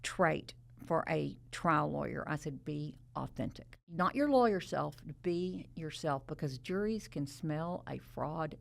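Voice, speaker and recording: A middle-aged woman host with a low voice and a gravelly edge of fry. She tells her stories in a lively way and laughs often. Casual interview talk between two lawyers. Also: a little slow, hardly any pauses. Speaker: podcast host, trial lawyer.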